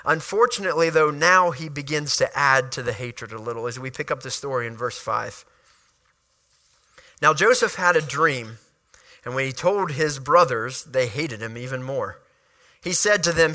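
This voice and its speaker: A man's voice: mid-range voice, lively intonation, normal speed, bright, forceful tone. A man preaching a sermon, reading scripture and explaining it in a conversational way, with frequent restarts and asides.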